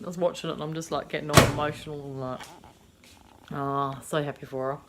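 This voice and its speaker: A woman's voice: low-pitched, little pitch movement, fairly quick, a bit bright, slight background noise. Chatty Australian woman vlogging at home. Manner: chatty, rambling, many fillers. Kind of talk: casual daily vlog. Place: home kitchen.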